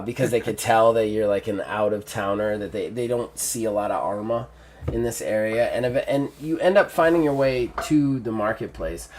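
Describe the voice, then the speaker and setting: A man's voice: fairly low pitch, a little mellow. A man narrating a tabletop game as game master, in a casual, chatty way.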